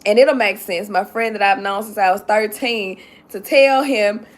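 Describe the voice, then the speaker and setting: A woman's voice: mid-range voice, normal speed. A woman who works at a school, telling an emotional story on a casual live stream, close to tears, talking straight to her chat and repeating herself. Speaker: livestream host telling a story.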